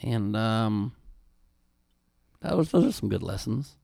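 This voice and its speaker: A man's voice: on the low side, expressive, slow pace, gravelly, warm tone, dry recording, clean studio sound. A young man, a comedian and former candidate, telling a story in a casual interview, with many restarts.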